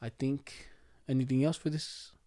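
A man's voice: mid-range voice, fairly even intonation, moderate pace, mellow, no room sound, clean studio sound. Slangy laid-back podcast co-host man. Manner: slangy, storytelling with laughs and acted-out quotes. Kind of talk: casual podcast chat.

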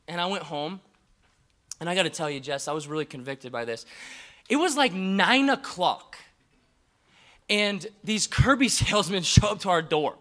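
A male pastor preaching a sermon through an animated, chuckling story full of "like" fillers. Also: sits high.

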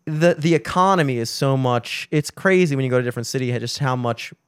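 A man's voice: medium pitch, fast talker, clean tone, no echo. Young male podcast host, rambling storyteller, dry close sound. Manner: rambling, animated storytelling with frequent swearing. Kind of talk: casual chat.

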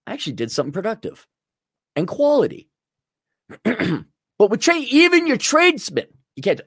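Blunt, ranting man with lively pitch. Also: moderate pace, slightly rough, no echo, studio quality. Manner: blunt, sarcastic, crude. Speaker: podcast host. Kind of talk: ranting monologue.

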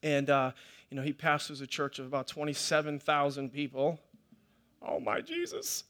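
Middle-aged male pastor, high bright voice, chatty sermon storyteller who often restarts. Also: flat delivery, fairly quick. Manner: conversational storytelling, with many restarts and repetitions.

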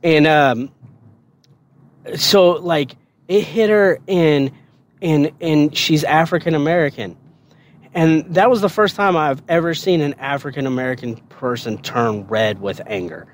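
A man spins a rowdy, casual anecdote for a podcast. His voice sits fairly high, and he curses freely and chuckles through the tale. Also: unhurried, slight background noise. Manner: profane, laughing often. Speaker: podcast host telling a story. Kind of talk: casual storytelling.

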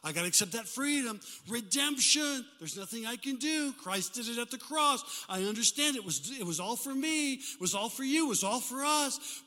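An older man, a pastor, preaching a lively sermon to his congregation and calling for responses from them. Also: very high voice, normal speed, few pauses. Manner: animated, call-and-response preaching. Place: church sanctuary. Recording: hall reverb.

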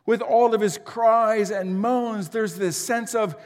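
A man preaching a sermon with dramatic delivery, swinging from loud declarations to near whispers. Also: high voice, steady tone, slow, hardly any pauses. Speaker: pastor. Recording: long hall reverb.

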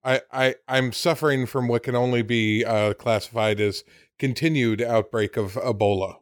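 A man co-hosting a podcast, dropping deadpan wisecracks in casual chat. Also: mid-range voice, moderate pace, no echo, clean studio sound. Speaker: podcast co-host.

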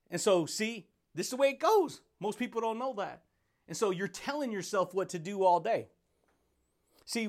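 Man, high voice, motivational podcast host, slangy, hyped, laughs a lot. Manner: hyped, slangy, repeats catchphrases, laughs often. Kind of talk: motivational monologue.

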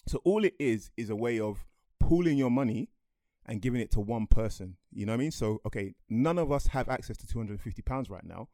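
A man's voice: mid-range voice, lively intonation, brisk, mellow, no room sound. Chatty man, dry studio sound. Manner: chatty and explanatory, laughs often. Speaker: podcast co-host. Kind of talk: casual chat.

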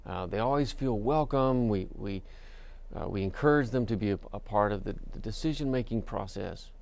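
Male preacher, gravelly, relaxed conversational sermon delivery with frequent fillers. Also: on the low side, moderate pace. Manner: conversational storytelling with many fillers and restarts. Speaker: pastor.

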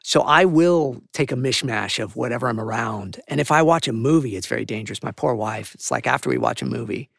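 A man, a voice actor, talking in an animated, rambling, enthusiastic way as a podcast interview guest. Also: mid-range voice, fast talker, vocal fry, hardly any pauses, no room sound, clean studio sound.

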